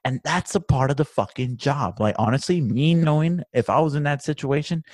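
A man's voice: fairly high pitch, brisk, darkish tone, no room sound, studio quality. A man in a casual podcast conversation, rambling and swearing often, who grows heated as he talks. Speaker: podcast guest or co-host, police trainee.

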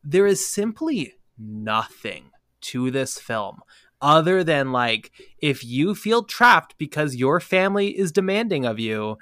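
A man's voice: fairly high pitch, very animated, takes it slowly, bright, forceful tone, no echo, studio quality. A man chatting casually about a film, wry and opinionated. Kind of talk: casual film-review chat.

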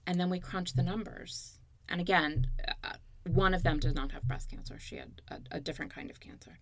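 A woman's voice: lowish voice, fairly quick, vocal fry, fairly bright tone, no room sound. A woman in her fifties, a guest telling her story in an earnest, emotional way during a candid interview.

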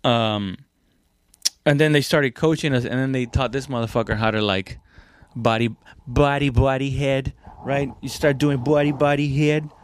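A man's voice: mid-range voice, fairly even intonation, moderate pace, smooth, no room sound. A young man casually telling a story about fighting, rambling and profane, with lots of restarts and fillers.

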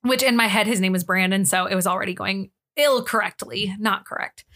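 Bright-voiced young woman telling stories. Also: medium pitch, fairly quick. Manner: storytelling with lots of "like" and laughs. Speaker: podcast co-host. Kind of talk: casual chat.

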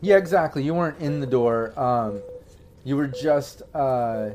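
A man's voice: mid-range voice, measured pace, noisy background. Rambling man running a tabletop game. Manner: rambling with many fillers and restarts. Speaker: game master.

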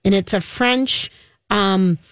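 A woman co-hosting a chat show, gushing over series she loves and padding her sentences with fillers. Her voice sits at an ordinary middle pitch. The recording is close and dry. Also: takes it slowly, no room sound. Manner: enthusiastic, gushing, many fillers. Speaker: show co-host. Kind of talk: casual chat about TV shows.

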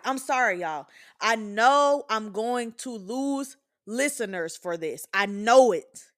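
Host, woman, 20s: candid, profane, emphatic monologue; slightly higher-pitched voice. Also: expressive, slow. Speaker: podcast host.

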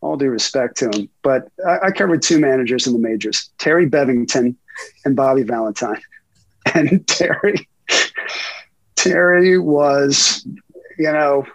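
Middle-aged man, guest storyteller, laughs a lot, mid-pitched voice, dry sound. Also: a little slow, no room sound, rough recording. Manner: laughing often, profane anecdotes. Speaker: guest reporter. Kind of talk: casual interview storytelling.

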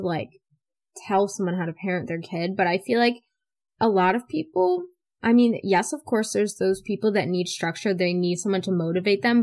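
A teenage girl hosting a casual podcast, telling stories in an animated, chatty way full of "like" fillers. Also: medium pitch. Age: teens. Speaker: podcast host. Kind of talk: casual chat.

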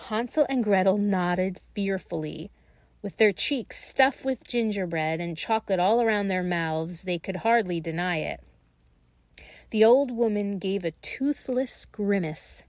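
A woman reading a fairy tale aloud in a slow, gentle and expressive way. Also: medium pitch, no room sound. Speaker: storyteller.

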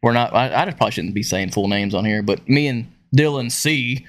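A man with a drawl, mid-pitched and unhurried, tells long, profanity-laced stories about work mishaps. His talk wanders and loops back on itself in a loose, casual podcast chat. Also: crowd noise. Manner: profane, rambling storyteller. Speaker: podcast co-host.

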